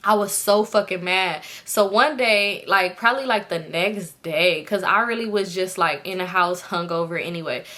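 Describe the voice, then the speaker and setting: A woman's voice: fairly low pitch, normal speed, hardly any pauses. A young woman casually telling a personal story to her viewers, swearing freely and acting out what other people said. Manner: animated, swearing, slangy, acts out quoted voices. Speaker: storytime vlogger.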